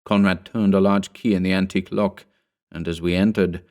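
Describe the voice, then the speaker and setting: Male horror narrator, low voice, slow brooding reading. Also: level tone, a little mellow. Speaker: audiobook narrator.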